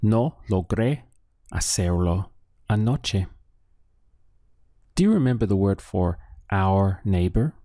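A man teaching a Spanish lesson, slowly and patiently, with pauses for the listener to think. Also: low-pitched, lively intonation, warm tone, no echo, clean studio sound. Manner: slow, patient, with drill pauses. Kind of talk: audio language lesson.

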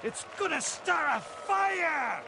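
A man's voice: very high voice, expressive, takes it slowly, creaky, crowd noise, background noise, full character voice. A man doing a comedic impression of an obese, crude, gluttonous Scottish man who bellows and boasts. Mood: crude boasting.

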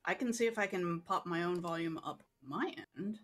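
A woman's voice: lowish voice, moderate pace. Female call-in co-player, casual banter, teasing and blunt. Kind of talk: casual chat over a voice call.

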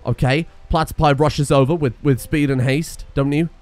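A man's voice: a little high, moderate pace, dry recording, soft background music. A man casually commentating his own gameplay, breaking into exclaims and laughter. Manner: excitable, laughs and exclaims in bursts. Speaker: gaming video host.

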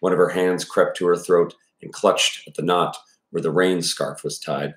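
A man's voice: deep voice, little pitch movement, moderate pace. A man reading a novel aloud, then commenting casually with profane asides and many fillers. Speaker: audiobook reader and commentator. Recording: echoey room.

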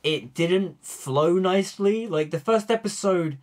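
A young man with a fairly high voice chats through his opinions on a show. He talks with animation and often slips into mock reactions, keeping a relaxed, conversational feel. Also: measured pace. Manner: animated, acts out quoted reactions in a raised voice. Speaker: co-host of a TV review channel. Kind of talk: casual review chat.

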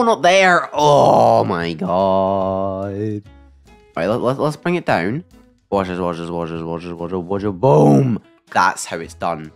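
A man giving excited live gameplay commentary, talking to himself and shouting at his mistakes. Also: fairly low pitch. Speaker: gaming YouTuber.

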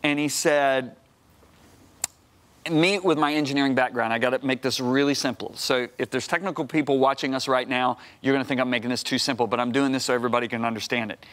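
A man's voice: mid-range voice, fairly even intonation, fast talker, a bit bright. A middle-aged man preaching as a guest on a Christian TV show, telling a personal story energetically, repeating words and acting out conversations. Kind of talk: animated storytelling testimony. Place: TV studio.

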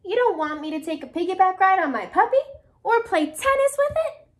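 A woman's voice: sits high, very animated, unhurried. A woman voicing a pushy, whiny male pigeon from a picture book, pleading dramatically.

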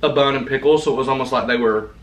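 A man, co-hosting a casual mukbang and chatting excitably between bites. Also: mid-range voice, fast. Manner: chatty, excitable, talks while eating. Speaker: co-host.

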